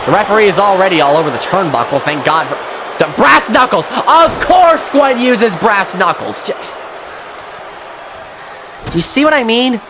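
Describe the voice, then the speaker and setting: A man doing excitable, sweary play-by-play commentary on a wrestling match, often shouting at the action. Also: sits high, normal speed, pauses often, background noise. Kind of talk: play-by-play video game commentary.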